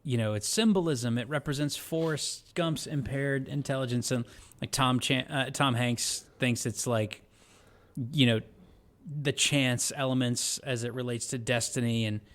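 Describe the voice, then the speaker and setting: A man's voice: medium pitch, steady tone, unhurried. A young adult man co-hosting a podcast, chatty and casual, retelling scenes with lots of "like" and "dude". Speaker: podcast co-host. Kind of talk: casual chat.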